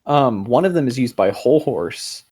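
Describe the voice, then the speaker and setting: A man's voice: mid-range voice, expressive, moderate pace, darkish tone. A young man co-hosting a podcast, talking in a casual, rambling way, full of fillers, restarts and offhand swearing. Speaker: podcast co-host. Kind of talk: casual chat.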